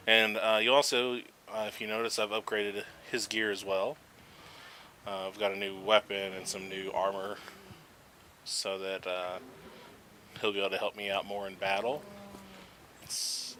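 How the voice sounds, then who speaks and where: A man's voice: fairly low pitch, slight background noise, rough recording. A man hosting a gaming video, casually talking through what he does and explaining the game's mechanics as he goes. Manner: relaxed, chatty, explains game mechanics as he plays. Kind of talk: casual gameplay commentary.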